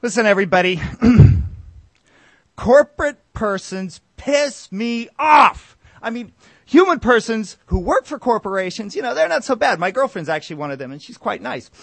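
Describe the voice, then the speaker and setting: Excitable comedian man ranting. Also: sits high, a little fast, gravelly, dry recording. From Denver, Colorado. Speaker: contestant, comedian. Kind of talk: comic monologue.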